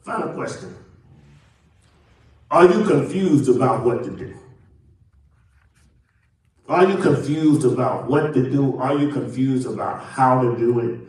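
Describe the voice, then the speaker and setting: Pastor preaching in an echoey church. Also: male voice, medium pitch, measured pace, long pauses, recorded from a distance. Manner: preaching with big swings from loud to hushed. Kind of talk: sermon. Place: church sanctuary.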